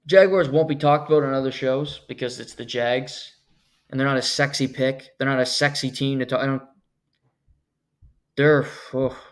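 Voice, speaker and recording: A man's voice: mid-range voice, fairly even intonation, moderate pace. A man hosting a solo sports podcast, talking bluntly and sarcastically, ranting with sudden emphatic jumps. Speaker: podcast host.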